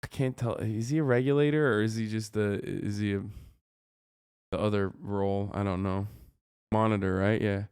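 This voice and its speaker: A man's voice: on the low side, steady tone, normal speed, darkish tone, clear, resonant tone, dry recording, studio quality. A man hosting a casual reaction stream, talking in a blunt, profane and sarcastic way. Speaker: streamer host.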